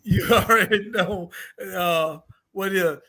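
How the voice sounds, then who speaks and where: Husky high-voiced man, blunt and profane. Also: slow pace, sharp tone. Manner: blunt, profane, laughs often. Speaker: comedian and co-host. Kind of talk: casual podcast chat.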